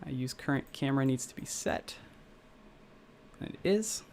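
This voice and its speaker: A young man from the Midwest talks casually to his stream viewers while he builds a project, restarting his sentences and going off on tangents. His voice is gravelly and sits at a middle pitch. A faint hiss runs underneath. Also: lively intonation, normal speed, a little mellow. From Midwestern United States. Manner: rambling, self-correcting, chatty with viewers. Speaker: game developer streaming live. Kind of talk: casual live-stream chat while coding.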